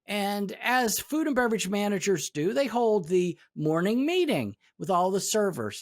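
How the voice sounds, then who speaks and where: A man's voice: high-pitched, sing-song, normal speed, hardly any pauses. A man co-hosting an HR podcast who tells stories in casual chat and acts out the dialogue of the people in them. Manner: storytelling, acting out quoted dialogue. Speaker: podcast co-host, HR professional.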